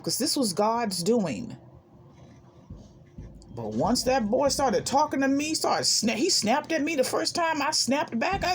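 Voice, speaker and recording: A woman hosting a self-help channel, talking in an animated, emphatic way and laughing often as she shares a spiritual monologue. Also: medium pitch, normal speed, slight background noise.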